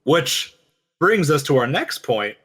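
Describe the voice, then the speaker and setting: Man, husky voice, rapid lore chat, animated, acts out quotes. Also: on the high side. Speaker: co-host of a game lore reaction show. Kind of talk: casual chat, lore analysis.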